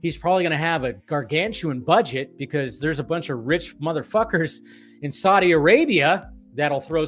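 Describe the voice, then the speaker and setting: Male streamer, slightly high pitch, loose profane rambling delivery over faint music. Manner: animated, profane, rambling with restarts. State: tired and caffeinated. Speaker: film commentary streamer. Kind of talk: casual livestream rant.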